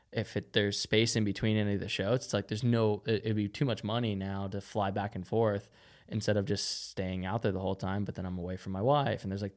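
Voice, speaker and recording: Laid-back young man, low voice, laughing often. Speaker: podcast guest, BMX rider. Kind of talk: casual interview chat.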